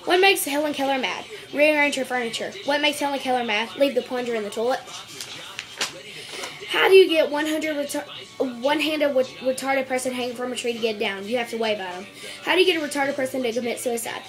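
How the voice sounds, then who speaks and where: A woman reading out a string of jokes for a home video, stumbling over words, restarting and clearing her throat. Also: high voice, a little fast, over music. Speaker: joke-telling video maker.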